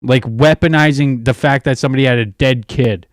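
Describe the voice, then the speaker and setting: A man's voice: mid-range voice, steady tone, brisk, no echo, studio quality. A young man hosting a livestream, ranting in a profane, rambling way while distracted by his phone and screen. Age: young adult. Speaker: livestream host. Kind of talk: casual livestream rant.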